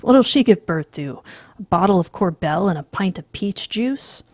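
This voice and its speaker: A woman's voice: medium pitch, animated, measured pace, creaky, darkish tone, husky, dry recording, pitched above the performer's own voice, full character voice. A woman voicing a snappy, sneering young Wall Street man.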